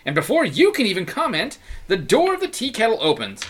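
A man running a tabletop game, narrating the scene and chatting between moves. His pitch swings widely and his tone is bright, broken up by fillers and laughter. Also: huge pitch swings, fairly quick, slight background noise. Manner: laughs often, lots of fillers. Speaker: game master.

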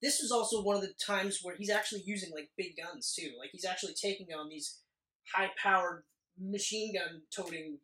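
A man whose voice sits high, bright and forceful co-hosts a podcast, joking around and rambling about a movie in a casual review chat and laughing frequently, all in an echoey room.

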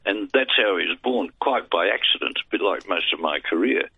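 An older Australian man with no teeth speaks low and fairly quick, animated, husky and with vocal fry, his words gummy. Guesting in a casual interview, this veteran broadcaster and voice artist rambles through self-deprecating stories and dry jokes. It's a dry recording over a tinny phone line.

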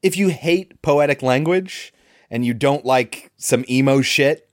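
A man's voice: mid-range voice, unhurried. A man co-hosting a podcast, chatting casually and bluntly about a movie. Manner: opinionated, blunt. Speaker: podcast co-host. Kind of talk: casual movie review chat.

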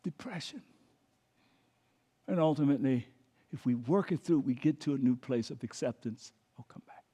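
A man preaching a sermon as pastor, calling on the congregation to repeat words, swinging between emphatic and hushed delivery. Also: medium pitch, normal speed, pauses often, breathy edge. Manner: preaching with call-and-response prompts to the congregation.

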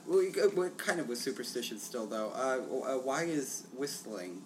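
A man's voice: medium pitch, big pitch swings, normal speed, darkish tone. A man hosting a casual quiz among friends, asking the questions and explaining answers with hesitant fillers. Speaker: quiz master. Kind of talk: casual hosted quiz chat. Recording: distant mic with background noise.

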